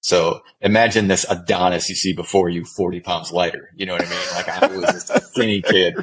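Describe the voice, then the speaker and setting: Deep-voiced, fast-talking middle-aged man. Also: a little hiss or hum, low-quality recording. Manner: profane, animated, acts out dialogue. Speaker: podcast guest. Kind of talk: casual storytelling in conversation.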